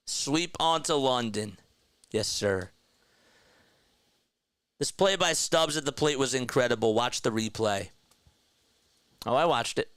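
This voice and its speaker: A young man hosting a casual baseball fan livestream, excitedly talking to his chat. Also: mid-range voice, slow pace, long pauses, clear, resonant tone, dry recording. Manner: excited, animated, talks to chat as "bro" and "man". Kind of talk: casual post-game fan talk, reading chat.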